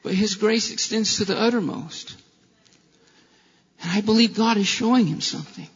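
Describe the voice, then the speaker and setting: A man's voice: high-pitched, normal speed, slightly rough. A male pastor preaching a sermon with impassioned delivery and rhetorical questions, in a church. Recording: long hall reverb, dull lo-fi sound.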